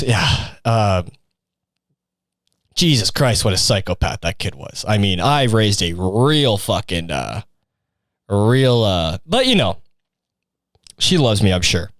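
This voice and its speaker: A man's voice: on the low side, sing-song, slow, long pauses, a bit bright, no room sound, clean studio sound. A young man hosting a solo podcast, rambling crudely with constant profanity. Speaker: podcast host. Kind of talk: casual solo podcast rant.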